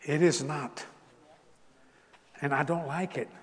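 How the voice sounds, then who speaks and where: Older Cajun preacher, animated and folksy, slightly high voice, lots of laughter, big reverberant hall. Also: male voice, slow. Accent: Cajun Southern US. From South Louisiana. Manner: animated, laughing, Southern drawl, rising to exclamations. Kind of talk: folksy storytelling sermon.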